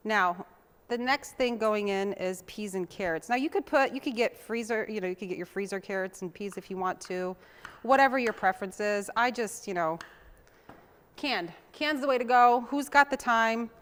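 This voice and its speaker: A woman's voice: mid-range voice, normal speed, a bit bright. A young woman hosting a TV cooking show, chatting in a homey way while she chops and mixes. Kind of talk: casual cooking demonstration.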